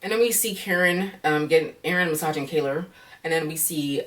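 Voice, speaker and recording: Woman, sassy reality-TV recap vlogger, low voice, a little off-mic. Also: a little fast, far from the mic. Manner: sassy, animated, keeps saying okay. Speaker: reality show reviewer. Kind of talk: casual recap vlog.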